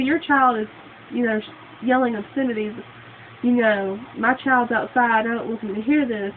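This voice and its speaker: A young woman with a fairly high voice rants bluntly into her phone, swearing and rambling with lots of fillers. The sound is thin and phone-like, with a faint hiss underneath. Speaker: vlogger. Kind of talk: casual vlog rant.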